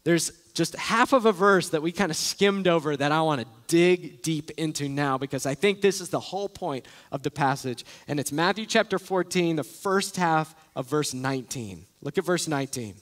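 A man's voice: on the high side, moderate pace, hardly any pauses, fairly bright tone. A man preaching a sermon as a pastor, earnest and emphatic, repeating key phrases. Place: large church sanctuary. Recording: echoey church hall.

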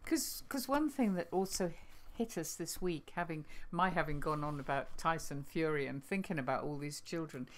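Deep-voiced woman reminiscing. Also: normal speed, few pauses. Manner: reminiscing, prompting with tag questions. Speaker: podcast co-host. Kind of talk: casual conversational chat.

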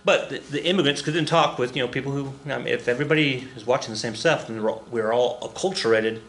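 A man's voice: medium pitch, fast talker, reverberant. A man teaching a recorded history lesson, joking and acting out little voices as he explains. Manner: animated, jokey, acts out voices and counts dance steps. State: out of breath. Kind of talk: recorded classroom lecture.

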